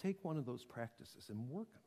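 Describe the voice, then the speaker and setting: A man preaching a sermon, swinging from loud, emphatic declaring to hushed, near-whispered intimacy. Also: medium pitch, expressive, brisk, creaky, in a large hall. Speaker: pastor.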